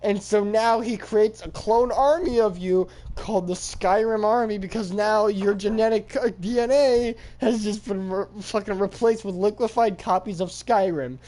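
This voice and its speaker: A young man streaming from home, rambling through a profane, absurd made-up story and jumping into high yelps when he does voices. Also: fairly even intonation, normal speed, hardly any pauses, warm tone, rough recording.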